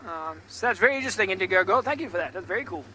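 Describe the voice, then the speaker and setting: A man's voice: high-pitched, expressive, rapid-fire, pushed and bright, slight background noise, poor audio. A man working as a safari guide, giving chatty live game drive commentary outdoors from a vehicle and answering viewer comments.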